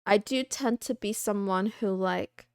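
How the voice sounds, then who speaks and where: A young woman hosting a casual livestream, chatting and answering viewer questions in a soft, rambling, self-deprecating way. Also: medium pitch, unhurried, smooth, no room sound, clean studio sound.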